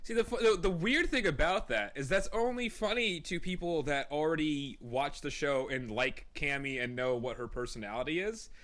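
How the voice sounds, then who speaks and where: A man's voice: on the high side, expressive, moderate pace, few pauses, fairly bright tone. A man co-hosting a podcast over an online call, chatting loosely, laughing and swearing freely. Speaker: podcast co-host. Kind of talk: casual podcast chat.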